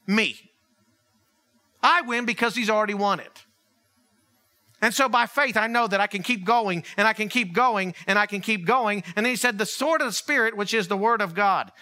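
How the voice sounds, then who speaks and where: A man preaching a sermon as pastor, conversational and animated, acting out little dialogues. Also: high voice.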